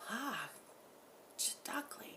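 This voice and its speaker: A woman's voice: extremely slow, bright, forceful tone. A woman spiritual channeler chatting casually, rambling and giggling. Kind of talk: casual chat after a channeling.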